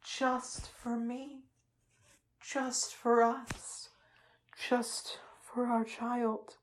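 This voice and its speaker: A woman's voice: a little high, little pitch movement, drawn-out words, a little hiss or hum. A woman playing a possessive, obsessive young lover. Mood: tender, doting. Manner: breathy, pleading, repeats endearments. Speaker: audio role-play performer. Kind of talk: intimate audio role-play.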